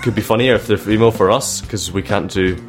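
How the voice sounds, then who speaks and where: A man's voice: lowish voice, quick pace. A man in his twenties hosting a radio show, chatting playfully with a guest and laughing often. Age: 20s. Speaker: radio host. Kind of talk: casual chat with a guest. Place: radio studio. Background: faint background music.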